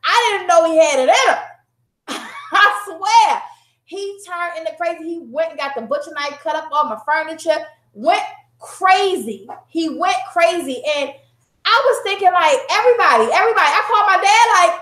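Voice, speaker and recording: A woman in her thirties candidly telling a personal story to an audience, animated and conversational, often laughing. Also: extremely high pitch, normal speed. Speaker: guest sharing a personal story. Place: room before a live audience. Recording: roomy, echoey room.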